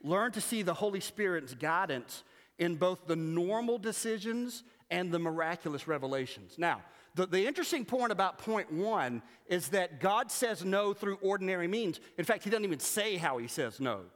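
A man preaching a sermon as pastor, animated and humorous, mimicking voices to make his points. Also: high-pitched, normal speed. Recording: long reverb of a church hall.

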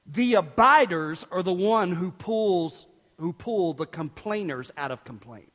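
High-voiced preacher in echoing church. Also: male voice, a little slow. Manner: animated preaching, swinging from loud bursts to hushed tones. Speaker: pastor. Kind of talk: sermon.

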